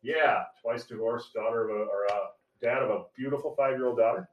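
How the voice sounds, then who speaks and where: A man in his forties trades crude, self-mocking jokes while co-hosting a podcast. His voice sits at an ordinary pitch. It comes from a little way off the mic, in a room with a noticeable echo. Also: brisk, far from the mic, highs cut off. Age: 40s. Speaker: podcast co-host. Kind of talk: casual chat.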